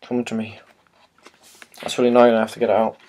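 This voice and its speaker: A man's voice: on the low side, level tone, fast, darkish tone, slight background noise. A man chatting casually and hesitantly as he unboxes and shows a new book, with many fillers and restarts. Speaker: vlogger.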